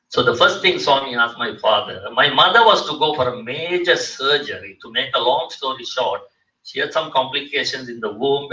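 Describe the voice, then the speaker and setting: An older man from Sri Lanka tells a personal story in an earnest guest talk, acting out the voices of its people. His tone is very bright and sharp. The sound is roomy and distant, picked up across a hall. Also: medium pitch. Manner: earnest, acts out quoted dialogue. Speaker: guest speaker. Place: community center hall. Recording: roomy, distant, dull-toned hall recording.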